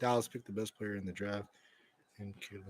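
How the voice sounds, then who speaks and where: A man's voice: fairly low pitch, fairly even intonation, brisk. Hyped swearing man streaming a draft. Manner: hyped, swearing, repeats himself and calls listeners bro and homie. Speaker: streamer hosting a draft watch party. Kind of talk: excited casual live-stream reaction.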